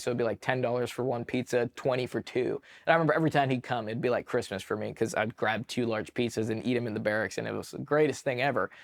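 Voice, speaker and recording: A man from California, an army veteran guest telling a story casually, animated, with many fillers and swearing. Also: mid-range voice. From California, USA. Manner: animated, filler-heavy, profane.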